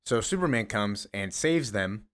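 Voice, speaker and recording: A young man casually recapping a comic story. He rambles, trails off with fillers and shrugs things off. He speaks at an ordinary middle pitch. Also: lively intonation, unhurried, fairly bright tone, a little hiss or hum. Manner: rambling, filler-heavy, offhand.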